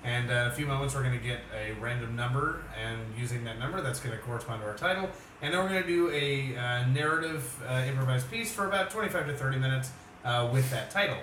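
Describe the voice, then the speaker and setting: A man's voice: mid-range voice, fast, a bit bright. A man hosting an improv show, with an easygoing, upbeat manner and a mid-range voice. He sounds distant and roomy, with a faint background hiss. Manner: casual, upbeat, loose with fillers. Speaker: host. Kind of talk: show introduction.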